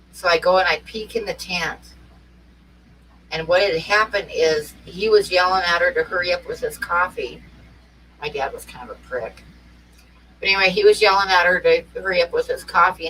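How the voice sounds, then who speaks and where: She's a middle-aged woman from Oregon co-hosting a casual chat, speaking in a fairly low, bright, forceful voice. Her anecdotes wander, and laughter keeps breaking through. Faint noise comes through the distant mic.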